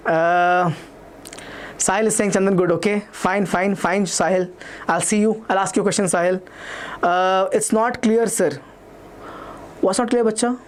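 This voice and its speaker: Fast-talking Indian English maths teacher. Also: male voice, high-pitched, slight background noise. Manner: fast, repetitive, reads students' chat comments aloud. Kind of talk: live online revision class.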